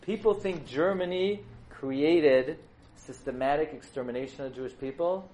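A man giving a storytelling sermon to a live audience, animated and jokey, often putting questions to the listeners. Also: mid-range voice, poor audio.

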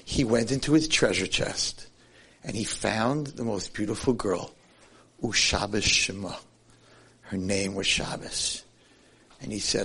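A man giving a sermon as a Jewish lecturer, telling a story with animated, swinging delivery. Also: fairly low pitch, measured pace, vocal fry, slightly rough.

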